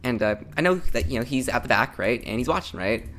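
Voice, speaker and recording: A man's voice: mid-range voice, expressive, quick pace, fairly bright tone, soft background music. A man casually telling a long school story over gameplay, rambling with frequent chuckles and asides. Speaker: gameplay commentator.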